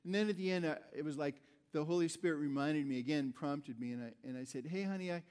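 A middle-aged male pastor preaching with a somewhat high-pitched voice. He tells a personal story in a loose, conversational way, often starting over mid-sentence. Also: fairly even intonation, quick pace, a little mellow, clean tone. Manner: conversational, rambling with many restarts.

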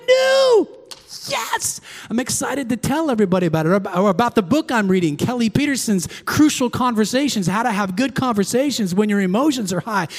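A middle-aged man preaching a sermon as pastor in a church, swinging from excited shouts to hushed, intimate prayer. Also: extremely high pitch, big-room sound. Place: church sanctuary.

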